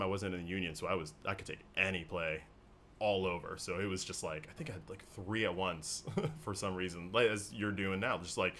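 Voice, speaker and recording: Deep-voiced man, chatty podcast guest. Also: a little hiss or hum. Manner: animated, chatty, laughs often. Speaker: podcast guest, hospital clown. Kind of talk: casual conversational storytelling.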